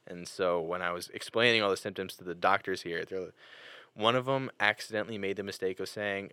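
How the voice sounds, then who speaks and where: A young man hosting a podcast, telling personal stories in casual chat, animated and full of fillers and restarts. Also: on the low side, brisk, clear, resonant tone, no echo. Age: young adult. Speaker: podcast host.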